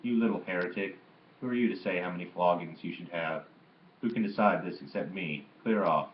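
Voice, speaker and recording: Man voicing a gruff, hoarse sick old grandfather. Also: deep voice, brisk, muffled recording, slight background noise, natural voice. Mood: mocking. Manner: loud, gruff, teasing.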